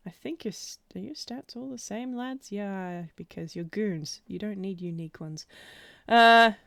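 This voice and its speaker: A woman running a tabletop game as game master, talking haltingly with many fillers and laughs. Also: mid-range voice, gravelly, fairly bright tone, no echo.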